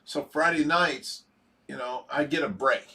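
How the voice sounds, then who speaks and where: A man's voice: fairly high pitch, measured pace, bright, forceful tone. A man with an Ohio accent hosting a casual livestream, telling funny stories and laughing often. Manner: jokey storyteller, laughs often. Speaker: livestream host.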